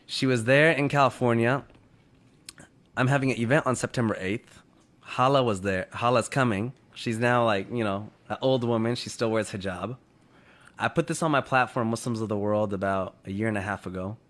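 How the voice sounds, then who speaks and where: A man's voice: medium pitch, moderate pace, a bit bright. A man casually retelling a story to others in conversation, full of "you know" and "like".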